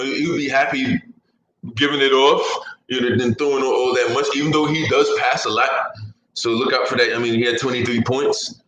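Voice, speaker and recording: Rambling, bright-voiced male podcast host. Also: mid-range voice. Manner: rambling, swearing, laughs at own jokes. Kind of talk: casual fantasy sports chat. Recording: echoey room, faint ambience.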